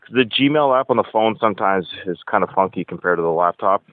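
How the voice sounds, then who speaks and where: Guy interviewing over the phone, talks fast, kinda out of breath, tinny line. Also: fairly low pitch, lively intonation. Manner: eager, fast-talking. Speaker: podcast host and interviewer.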